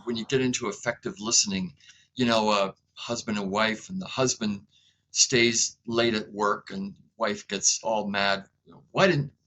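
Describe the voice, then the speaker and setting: A man being interviewed as a guest, speaking in a calm, reflective way and sometimes acting out short dialogues between people. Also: fairly low pitch, moderate pace, slight background noise, rough recording. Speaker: inventor and guest. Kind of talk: conversational interview.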